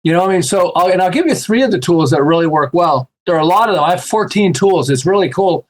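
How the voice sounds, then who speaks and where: A man with a slightly high voice chatting casually as a podcast guest. He tells lively stories and acts out the voices of the people in them. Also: fast talker. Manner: animated, acts out quoted voices with laughs. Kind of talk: casual storytelling chat.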